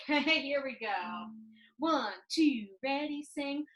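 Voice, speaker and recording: A woman's voice: high-pitched, animated, a bit bright, rough recording. A woman music teacher leading an online lesson for young children, singing short phrases and coaching them to sing along. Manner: sings phrases and coaches the listener to repeat; slow, clear, encouraging delivery.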